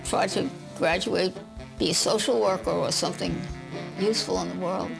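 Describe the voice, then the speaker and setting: An older woman, a writer, speaking reflectively in a documentary interview and reading her own work aloud, often pausing and repeating small words. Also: lowish voice, steady tone, creaky, over music, poor audio. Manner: reflective, halting with small repetitions.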